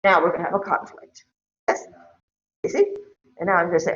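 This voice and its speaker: A woman's voice: lowish voice, fairly even intonation, fairly quick. Middle-aged woman teaching in an echoey room. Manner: conversational, checks in with the class often. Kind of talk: recorded class lecture. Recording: echoey room, dull lo-fi sound.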